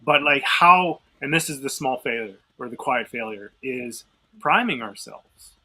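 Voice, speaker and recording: A man's voice: mid-range voice, expressive, unhurried, pushed and bright, slightly rough, poor audio. A man co-hosting a podcast, talking through a self-defense case in a loose, thinking-aloud way with many fillers and restarts. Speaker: podcast co-host. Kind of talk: casual discussion.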